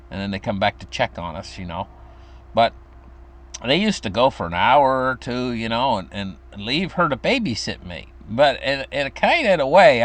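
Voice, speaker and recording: Older man rambling through a childhood memory. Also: fairly bright tone. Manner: rambling, with fillers and restarts; acts out quoted voices in a high pitch. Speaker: storyteller. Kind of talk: casual personal storytelling.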